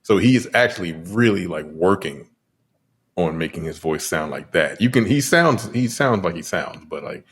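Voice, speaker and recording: Male co-host, very low and husky, blunt opinions, swears casually. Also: expressive, moderate pace, a bit bright. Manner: blunt, profane, laughing asides. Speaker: podcast co-host. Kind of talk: casual chat.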